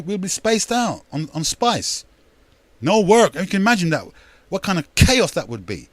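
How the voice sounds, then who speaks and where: A man's voice: medium pitch, dry recording. An older man, hosting a radio talk show in a rambling, emphatic monologue that repeats words and addresses listeners as brethren.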